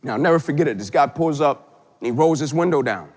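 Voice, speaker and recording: A man, a motivational keynote speaker, tells a dramatic story, swinging from loud emphatic peaks to hushed low tones. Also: expressive, fast, in a large hall.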